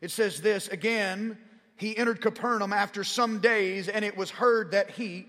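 A man's voice: fairly even intonation, moderate pace, a bit bright. A man in his forties from Arkansas with a Southern drawl, telling a story in a sermon and growing fervent as he goes. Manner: rising in pitch and volume as he gets fervent. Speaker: pastor. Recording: long hall reverb.

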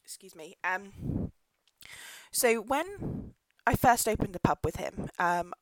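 A pregnant pub landlady hosts a casual solo podcast in a mid-range, animated voice, speaking slowly as she rants, laughs and occasionally swears. She sometimes pulls away from the podcast mic, which otherwise gives a dry, close sound with no room tone, though the recording is rough.

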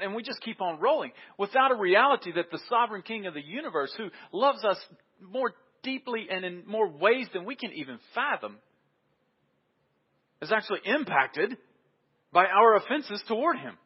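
A man delivers a sermon with emphasis, hammering home his points by repeating them. His voice sits a little high and sounds husky. The recording is dull and lo-fi. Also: animated, normal speed. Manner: emphatic, repeats key phrases. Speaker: preacher.

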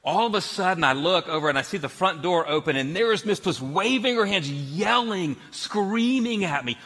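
Bright-voiced pastor preaching. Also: male voice, high voice, moderate pace, hardly any pauses, breathy edge, long reverb tail. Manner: storytelling, animated with laughs. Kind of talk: sermon.

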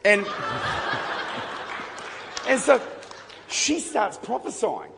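A man preaching a sermon, telling a story with lively jokes and bursts of shouting, in a large church hall. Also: very high voice, extremely slow, creaky, a little hiss or hum. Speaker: pastor. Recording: long hall reverb, faint crowd ambience.

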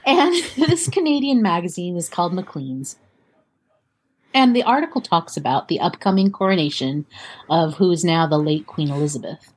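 Husky-voiced woman telling a story. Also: on the low side, expressive, normal speed. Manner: chatty, laughs often, reads quotes aloud. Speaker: podcast co-host. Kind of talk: casual storytelling chat.

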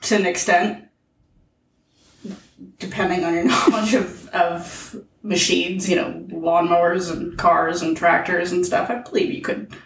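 A woman's voice: on the low side, flat delivery, measured pace, creaky, echoey room, recorded from a distance, a little hiss or hum, low-quality recording. A woman co-hosting a casual podcast chat, retelling movie scenes with quoted lines. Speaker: podcast co-host.

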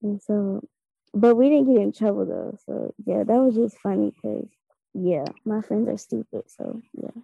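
A chatty teenage girl tells a classroom story with animation. Her voice is dark, husky and gravelly, and the dry recording sounds dull and lo-fi. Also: mid-range voice, sing-song, normal speed, no room sound. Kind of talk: casual storytelling.

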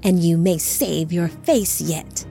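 A woman voicing a scorched, monstrous fallen male creature who taunts in a slow, rasping voice. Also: on the low side, warm tone, faint music behind. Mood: mocking.

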